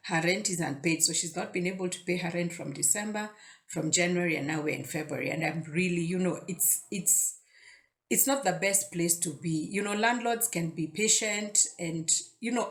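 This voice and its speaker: A woman's voice: lowish voice, a bit bright. A woman hosting a casual devotional talk, conversational and often repeating words as she thinks aloud. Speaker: devotional video host.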